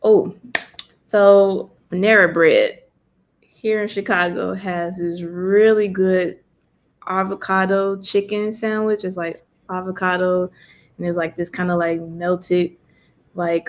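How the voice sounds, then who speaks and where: Chatty woman guest, lowish voice. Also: steady tone, measured pace. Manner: chatty, lots of "like" fillers. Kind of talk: casual interview chat.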